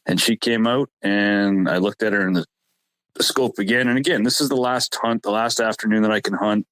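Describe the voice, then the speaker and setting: Male podcast co-host, low and dry, halting storyteller who stumbles and repeats himself. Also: fairly even intonation, fairly bright tone, no echo, low-quality recording. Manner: halting, repeats words and restarts often. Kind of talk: casual storytelling chat.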